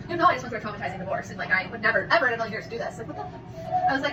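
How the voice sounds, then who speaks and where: A woman rattling off a dating story in her kitchen at a very fast clip, in rapid, animated gossip. Her voice is a little high and comes through a roomy, distant phone recording. There is clear background noise behind her. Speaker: TikTok storyteller. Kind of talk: storytime vlog. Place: home kitchen.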